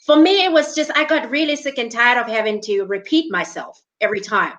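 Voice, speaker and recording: A woman's voice: a little high, brisk, fairly bright tone, rough recording. A woman from South Africa co-hosting a podcast, chatting casually and laughing often. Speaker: podcast co-host. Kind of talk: casual chat.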